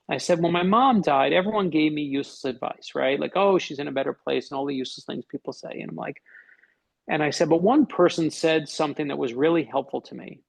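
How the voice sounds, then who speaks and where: Middle-aged guy, bit of fry in his voice, telling a story on a podcast, does all the voices. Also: fairly high pitch, low-quality recording. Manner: animated storyteller acting out quoted dialogue. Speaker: podcast guest, author. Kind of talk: storytelling in conversation.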